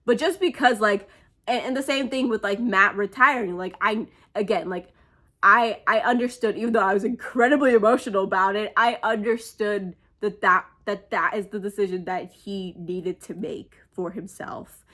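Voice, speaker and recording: A woman's voice: medium pitch, normal speed, bright, forceful tone. Gushing, emotional young woman fan. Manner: gushing and emotional, many "like" fillers. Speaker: fan sharing a tribute. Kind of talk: casual personal monologue.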